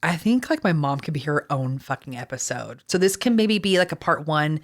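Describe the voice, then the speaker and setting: Chatty Texan woman, fairly low voice. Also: lively intonation, a little fast. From Texas. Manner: chatty, swears often, rambling asides. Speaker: podcast co-host. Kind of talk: casual podcast storytelling.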